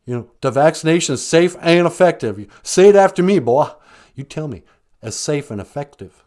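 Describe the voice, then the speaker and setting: A man's voice: on the high side, lively intonation, normal speed, a little mellow, close to an everyday voice. A man voicing a brash, pushy woman caller who teases and bosses the host around. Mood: bossy. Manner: brassy, calls the host a fool.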